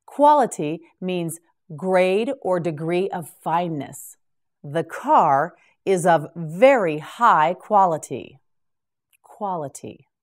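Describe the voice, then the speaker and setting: A woman teaching English to beginners, carefully enunciating each word and repeating it in a slow vocabulary drill. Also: on the low side.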